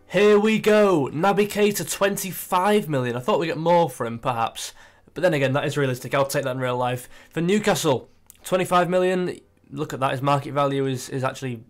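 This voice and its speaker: A young man chatting casually as he plays a football management game, thinking aloud and getting excited. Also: mid-range voice. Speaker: gaming YouTuber. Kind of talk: casual gameplay commentary.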